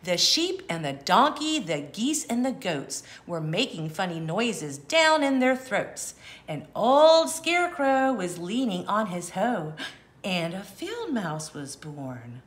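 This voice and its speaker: A woman reading a children's picture book aloud, gentle and animated, asking the young listener to count along. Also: medium pitch, slow. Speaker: children's storyteller. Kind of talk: read-aloud for kids.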